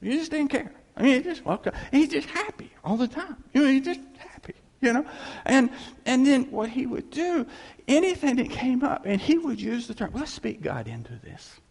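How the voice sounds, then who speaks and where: High, gravelly preacher man in a reverberant hall. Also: moderate pace. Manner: animated storytelling, acting out quoted voices with laughs. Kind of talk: sermon.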